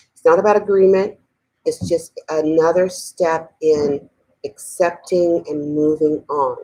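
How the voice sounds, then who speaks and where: A middle-aged woman teaching a spiritual talk in a conversational way, often asking "okay?", then slowing and softening to lead a guided meditation. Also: sits low, poor audio. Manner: slows and softens while guiding breathing.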